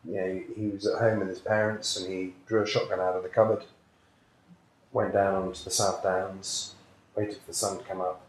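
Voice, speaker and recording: A man's voice: sits low, level tone, moderate pace. A man, a psychic healer, telling a personal story in an earnest, reflective way during an interview. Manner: earnest, reflective, acts out quoted voices. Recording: echoey room, faint noise.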